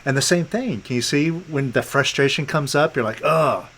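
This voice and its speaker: Male coach, slightly high voice, calm and coaxing, guided session on a video call. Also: moderate pace, low-quality recording. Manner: calm, coaxing, repeats gentle prompts. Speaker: meditation coach.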